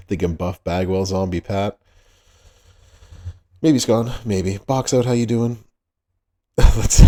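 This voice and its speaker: A man's voice: deep voice, takes it slowly, long pauses, mellow. A man hosting a casual livestream, greeting chat viewers by name and laughing often. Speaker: livestream host.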